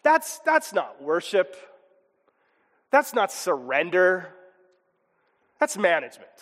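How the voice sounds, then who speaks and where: A man preaching a sermon as pastor, animated and expressive, sometimes chuckling and acting out voices. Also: sits high, takes it slowly, long reverb tail.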